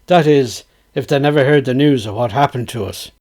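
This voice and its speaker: A man with a Dublin accent voicing a blunt, mocking young sailor held as a galley slave, pitched higher and quicker than his own voice. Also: darkish tone, natural voice. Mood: teasing.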